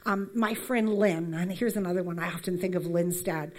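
A woman's voice: on the low side, moderate pace, darkish tone. A woman in her fifties from Canada, giving a conversational church talk with many fillers and friendly asides. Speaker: church speaker. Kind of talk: conversational sermon.

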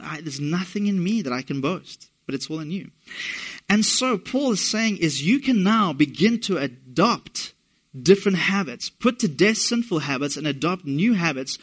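English-born pastor guy preaching, chatty and animated, slightly high voice. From England. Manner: conversational, animated preaching with asides to the congregation. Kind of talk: sermon.

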